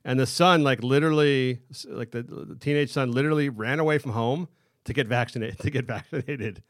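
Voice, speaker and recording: A man co-hosting a podcast in casual chat, chatty and quick to laugh. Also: medium pitch, dry recording, clean studio sound. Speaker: podcast co-host.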